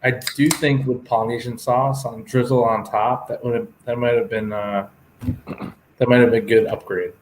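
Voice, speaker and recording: A man co-hosts a podcast, chatting casually in an upbeat, playful way. His voice is medium-pitched and steady at a moderate pace, with slight background noise in the recording.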